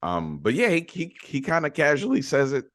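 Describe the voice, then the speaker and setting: A man co-hosting a movie podcast, giving relaxed, offhand opinions in casual chat. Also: fairly high pitch, a little fast, no room sound, studio quality. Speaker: podcast co-host.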